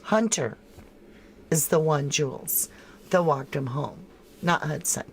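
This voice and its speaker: A woman's voice: low-pitched, takes it slowly, slight background noise. A woman hosting a true crime livestream in casual commentary, thinking aloud and answering viewers' chat comments by name with frank disbelief.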